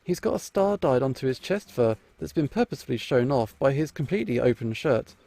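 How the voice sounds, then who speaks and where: Gravelly man reading a game aloud. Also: mid-range voice, expressive, a little fast, dark tone, soft background music. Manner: playful, amused asides. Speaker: game streamer. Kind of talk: reading a visual novel aloud with commentary.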